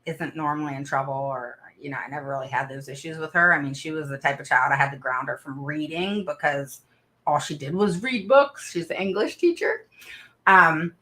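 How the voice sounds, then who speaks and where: A woman's voice: sits low, a little fast, sharp tone. A middle-aged woman chatting casually with viewers on a livestream, telling family stories and laughing often. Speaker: autism parent advocate livestream host.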